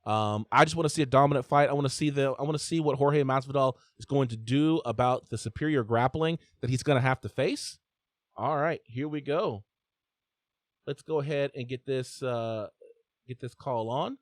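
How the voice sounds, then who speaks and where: A man hosting a live sports call-in show, talking in an energetic, chatty way with many fillers and restarts. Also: medium pitch, normal speed, no echo, studio quality. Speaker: host.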